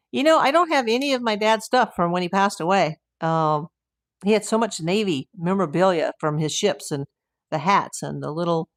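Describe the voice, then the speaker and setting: An older woman from the United States talks in a casual livestream, her voice sitting low. She chats and wanders into asides as she reads out viewer comments. The sound is dry and close, with no room around it. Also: no room sound. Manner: chatty, rambling with asides and fillers. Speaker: livestream host.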